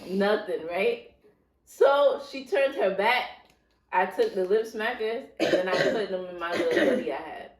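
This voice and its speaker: A woman telling a childhood story in casual chat, animated and laughing, acting out voices. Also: medium pitch, unhurried. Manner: animated, laughing, acts out voices in her stories. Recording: roomy echo.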